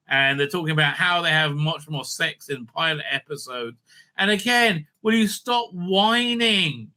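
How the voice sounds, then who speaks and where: A man's voice: on the high side, bright, forceful tone. A man recapping and reviewing a show in a casual, rambling way, exasperated and full of fillers. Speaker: video reviewer.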